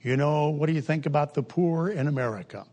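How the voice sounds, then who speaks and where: With a mellow voice and a brisk delivery, an older man jokes his way through a folksy, humorous sermon, his pitch and pace jumping suddenly.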